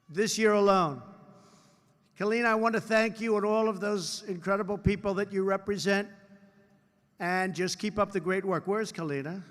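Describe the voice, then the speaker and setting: An older American man in his seventies delivers a speech from a podium, his voice pitched high and sharp-edged. He keeps repeating himself and drifting into boastful asides aimed at the crowd. The long reverb of a huge hall trails every phrase. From United States. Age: 70s. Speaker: politician giving a speech. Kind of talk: public speech with off-script asides. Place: large convention hall, on stage.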